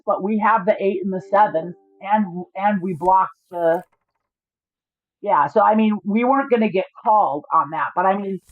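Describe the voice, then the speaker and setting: On a livestream, a woman with a mid-range voice breaks down her poker hands, joking and swearing throughout. The sound is dry, lo-fi, and a little dull, with no room sound.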